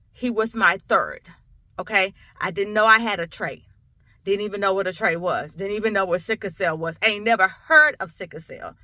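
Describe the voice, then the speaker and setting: A woman's voice: mid-range voice, bright, forceful tone, dry recording. A woman, a coach, telling a personal story to camera in an emphatic, conversational way, often repeating herself. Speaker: coach and sickle cell awareness speaker.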